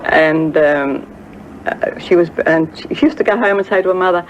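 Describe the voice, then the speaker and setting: A woman's voice: on the low side, normal speed, a little hiss or hum. Older lady telling old stories, lots of ums, slightly muffled old recording. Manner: hesitant, many fillers, acts out quoted voices. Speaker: friend recalling a singer. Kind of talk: reminiscing anecdote.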